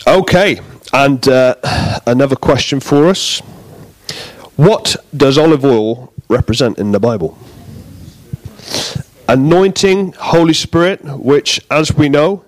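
A man giving a relaxed, jokey sermon in a church, bantering with the congregation. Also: on the high side, slow, dry recording. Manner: chatty, jokey, self-deprecating. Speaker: preacher.

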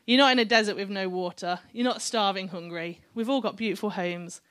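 A woman's voice: medium pitch, a little fast, fairly bright tone. A middle-aged woman preaching a sermon, chatty and encouraging, with joking asides to the congregation.

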